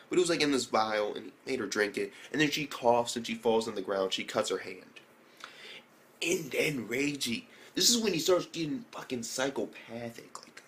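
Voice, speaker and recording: A young man casually reviewing an anime episode, excitable and profane, often jumping into exaggerated character voices. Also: medium pitch.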